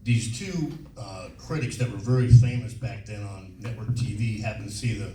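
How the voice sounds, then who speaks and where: A man's voice: lowish voice, moderate pace, mellow. A man in his sixties telling rambling, profane anecdotes with frequent laughs as a guest on a convention panel. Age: 60s. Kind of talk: casual storytelling on stage. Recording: echoey hall, distant mic, faint hiss.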